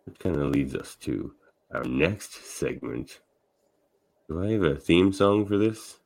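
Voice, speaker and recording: An easygoing man hosting a podcast, with an extremely deep, low voice. He chats casually and lets his sentences trail off as he thinks aloud. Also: animated, unhurried, gravelly, a little mellow. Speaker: podcast host. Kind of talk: casual chat.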